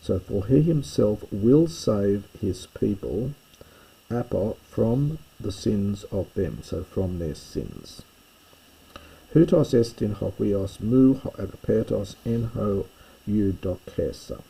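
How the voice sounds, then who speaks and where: A man teaches a language lesson at a deliberate, unhurried pace, working through each phrase and thinking aloud. His voice is low, gravelly and very dark, with a husky edge. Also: expressive, poor audio. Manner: slow, explanatory, thinking aloud. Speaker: Greek teacher. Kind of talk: recorded lesson walkthrough.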